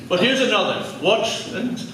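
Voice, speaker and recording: An Irish man with a fairly high voice delivers a lecture to a live audience, chatty and joking with the crowd. He is heard from a distance in a very echoey hall, with faint room noise behind him. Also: animated, moderate pace. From Ireland. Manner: conversational, jokey asides with audience. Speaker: speaker giving a public talk.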